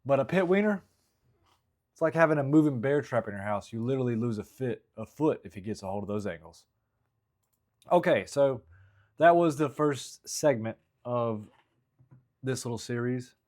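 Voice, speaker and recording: A man talks through his stand-up drafts in a relaxed vlog style. He rambles with frequent restarts and self-critical asides. His voice sits at an ordinary male pitch. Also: moderate pace, pauses often. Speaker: stand-up comedian. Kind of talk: casual vlog, working through stand-up material.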